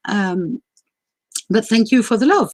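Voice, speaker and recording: A woman's voice: on the high side, animated, slow pace, a little mellow, no echo, rough recording. A woman hosting a live stream in casual chat, with a mixed international accent whose first languages are French and Greek, laughing often and using many fillers. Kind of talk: casual livestream talk.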